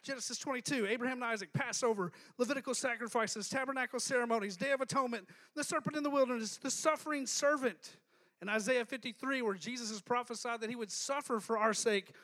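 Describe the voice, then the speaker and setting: A male pastor preaching a lively sermon, joking and calling on the congregation to respond. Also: very high-pitched.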